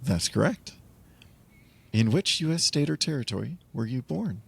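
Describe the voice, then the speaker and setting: A man voicing a calm, mechanical intercom voice that politely and insistently runs a survey. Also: mid-range voice, normal speed, creaky, slightly rough, voice pushed up, heavily acted. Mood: calm coaxing.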